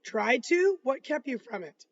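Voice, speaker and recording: A man reading aloud, voicing a calm, patient lawyer cross-examining a witness in measured questions. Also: extremely high pitch, dull audio, exaggerated voice. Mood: probing.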